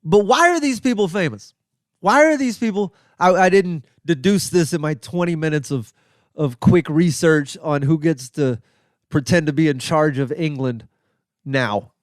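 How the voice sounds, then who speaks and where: A man hosting a comedy podcast, riffing sarcastically in a rambling, profane monologue full of restarts and sudden high exclaims. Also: moderate pace, no room sound, clean studio sound. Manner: jumps into high exclaims for emphasis. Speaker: podcast host.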